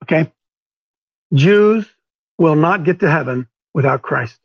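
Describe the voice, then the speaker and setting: A man's voice: on the high side, lively intonation, slow, pauses often, muffled recording. A man hosting and preaching to a small live group, fiery and emphatic, repeating key words for force. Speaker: show host and preacher.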